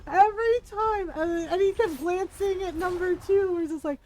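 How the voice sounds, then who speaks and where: A woman's voice: very high-pitched, moderate pace, darkish tone, slight background noise, low-quality recording. A woman chatting casually while streaming a game, laughing often and acting out bits. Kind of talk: casual gaming stream chat.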